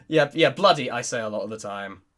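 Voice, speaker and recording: A man's voice: mid-range voice, lively intonation, moderate pace, fairly bright tone. A young man, hosting a casual livestream Q&A, reading chat and rambling with frequent giggles. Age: young adult. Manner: giggly, rambling, restarts sentences often. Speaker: YouTuber and voice actor hosting a Q&A.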